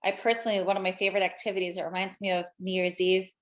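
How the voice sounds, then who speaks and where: A woman's voice: fairly low pitch, level tone, very fast. A woman in her thirties hosting a live stream, chatting casually and animatedly with lots of fillers.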